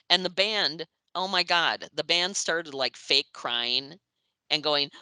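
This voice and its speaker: A woman in her sixties recounts old memories as an interview guest, her voice bright and forceful. She performs the quoted lines of others and laughs as she goes. The sound is close and dry. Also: deep voice, a little slow, clean tone, no echo, low-quality recording. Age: 60s. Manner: lively, acts out quoted voices, laughs often. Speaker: interview guest, music writer. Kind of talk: anecdotal storytelling in an interview.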